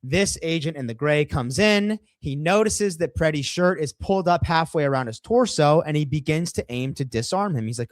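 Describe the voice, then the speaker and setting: Brash, profane podcast co-host. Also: male voice, on the high side, expressive, normal speed, few pauses, no room sound. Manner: profane, brash, walks through video. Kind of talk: casual podcast discussion.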